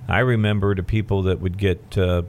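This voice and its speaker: A man hosting a radio talk show, chatting with his guests in a halting, conversational way with many fillers and upbeat station breaks. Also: low-pitched, fairly even intonation, darkish tone, a little hiss or hum.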